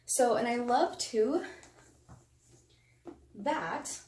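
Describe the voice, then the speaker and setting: A chatty woman with a slightly high voice gushes over new purchases in a casual haul video. She sounds lively and eager. Her voice rings in an echoey room over a faint hiss. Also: very slow. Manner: chatty, gushing, enthusiastic. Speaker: beauty vlogger.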